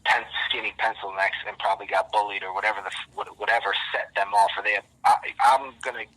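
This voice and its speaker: A man's voice: on the low side, steady tone, quick pace, pushed and bright, breathy edge, poor audio. A man on a casual podcast who rambles intensely and restarts his words often. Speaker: podcast guest.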